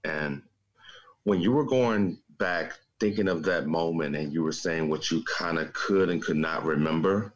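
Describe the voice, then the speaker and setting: A man co-hosting an interview, asking gentle, measured questions. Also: low-pitched, highs cut off. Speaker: co-host. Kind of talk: interview conversation.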